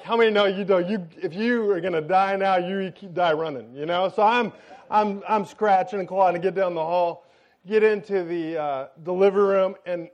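A pastor delivers his sermon as a lively story, playing the other people's lines in quick little voices. He is a middle-aged man with a high voice. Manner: animated, jokey storytelling with acted-out quotes.

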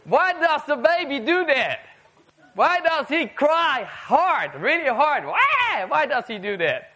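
A man preaching a sermon to a live audience, animated and firing rhetorical questions at the listeners. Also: extremely high pitch, slow pace.

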